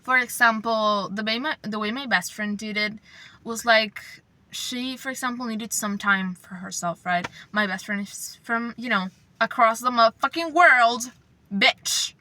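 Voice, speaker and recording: A woman's voice: mid-range voice, steady tone, a little slow, pushed and bright. A young woman hosting her own channel, chatting casually in a rambling, profane, effusive way that sometimes drops into a whisper. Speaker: channel host. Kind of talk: casual chat.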